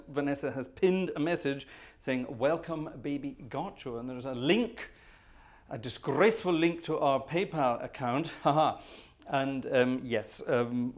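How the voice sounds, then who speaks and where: A middle-aged British man with a posh accent, hosting a relaxed organ music livestream in a rambling, chatty way and chuckling at his own asides. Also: mid-range voice. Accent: posh British English. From Britain. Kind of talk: casual livestream chat between organ pieces. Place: organ room.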